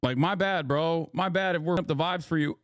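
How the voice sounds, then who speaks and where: A man's voice: on the high side, brisk, dry recording, clean studio sound. A man giving casual live-stream commentary on clips, sarcastic, heated and emphatic.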